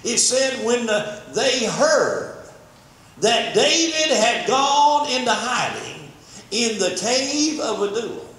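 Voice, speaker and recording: An older man delivers a fervent sermon story full of repeated words, his voice very high-pitched, fairly bright, very animated, and slow. The setting is a church sanctuary, and the recording is very echoey with faint background noise.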